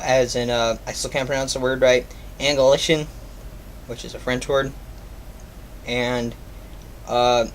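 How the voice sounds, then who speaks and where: A man's voice: medium pitch, a little hiss or hum. A man giving a casual video review, rambling with many ums and uhs. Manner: rambling, filler-heavy, offhand. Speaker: product reviewer.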